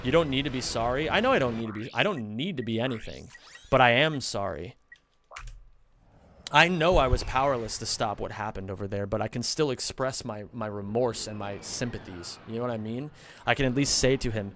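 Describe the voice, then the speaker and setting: A man's voice: medium pitch, brisk, a bit bright, a little hiss or hum. A young American man streaming, chatting casually and rambling with lots of fillers and swearing. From United States. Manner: rambling, swears freely, heavy use of filler "like". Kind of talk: casual chat during a game livestream. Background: background music.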